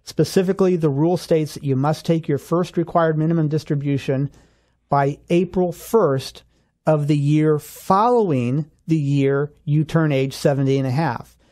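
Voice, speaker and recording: A man co-hosting a radio finance show, explaining rules step by step in a steady, clear way. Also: on the high side, moderate pace. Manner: steady explanatory, walks through examples step by step. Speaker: financial advisor co-host.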